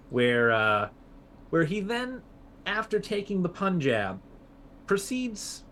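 A man's voice: a little high, slight background noise. A man co-hosting a history podcast, telling the story casually with fillers and restarts. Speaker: podcast co-host.

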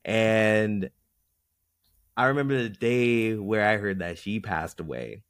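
A young man hosting a conversational interview, attentive, with soft backchannels. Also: lowish voice, slow pace, no room sound. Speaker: interview host.

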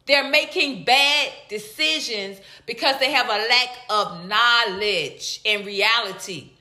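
Woman host, bright and fairly high voice, casual live-stream commentary in an echoey room. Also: slow. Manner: animated, greets viewers in high excited bursts.

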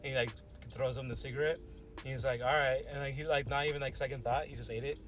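A man's voice: mid-range voice, fairly even intonation, quick pace, faint music behind. A young man co-hosting a casual podcast chat, slangy and swearing, laughing often. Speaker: podcast co-host.

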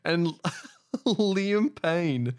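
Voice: mid-range voice, animated, drawn-out words, darkish tone, smooth. A podcast co-host in casual chat, bantering in a playful, jokey way.

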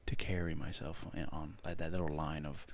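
A young man co-hosting a podcast, ranting in an exaggerated, profane, animated way. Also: a bass voice, fairly quick. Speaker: podcast co-host. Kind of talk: casual chat, ranting complaint.

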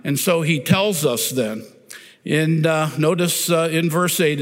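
Slow, deliberate man preaching in a reverberant hall. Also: on the high side. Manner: deliberate and emphatic, often saying "notice". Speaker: pastor. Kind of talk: sermon. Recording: long reverb of a large hall.

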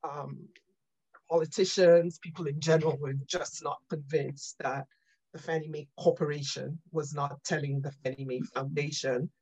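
A woman being interviewed on a podcast, telling animated stories about her career and often checking in with "right?" and "you know". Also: sits low, moderate pace, low-quality recording. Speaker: guest.

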